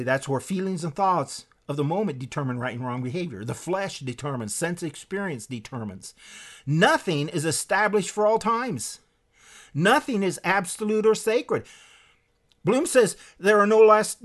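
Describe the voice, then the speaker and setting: A man delivering an impassioned sermon-style lecture, emphatic, with sharp swings in pitch and loudness, reading quotes aloud from a book.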